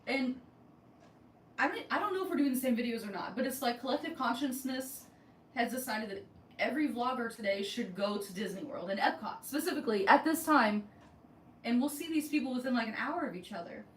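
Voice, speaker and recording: A woman co-hosts a laid-back podcast for a theme park vlog channel, talking a little fast in a slightly high, expressive voice. She's a chatty storyteller who acts out dialogue. The recording sounds echoey and distant, with a faint hiss.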